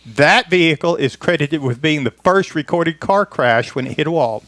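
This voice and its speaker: A man's voice: fairly high pitch, normal speed, a bit bright. A man presenting a history segment on a radio car talk show, reading from a script with a good-humored chuckle.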